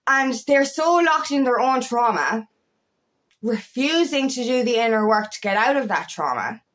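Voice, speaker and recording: A woman's voice: on the high side, a bit bright. A woman coaching on spirituality in an unscripted, impassioned rant, swearing constantly as she talks to her followers. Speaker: feminine empowerment coach.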